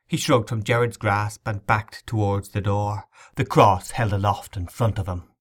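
A man narrating an audiobook novel in a measured, dramatic reading. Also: lowish voice.

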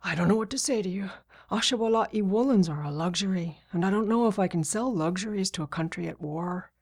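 A woman voicing a fretful male merchant, talking quickly in a breathy, anxious manner. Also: medium pitch, darkish tone, natural voice.

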